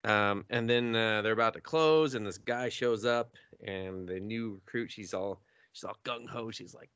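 A man co-hosting a podcast, casually retelling an anime episode with swearing, laughter and quick acted-out voices. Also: fairly low pitch, clean tone, dry recording, dull audio. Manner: animated storytelling with swearing and laughter, acting out characters. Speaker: podcast co-host.

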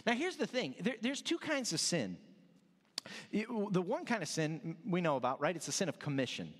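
A man's voice: sits high, very animated, moderate pace, a bit bright. A male pastor preaching a sermon in a loose, joking, conversational way, often restarting his sentences. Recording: long hall reverb.

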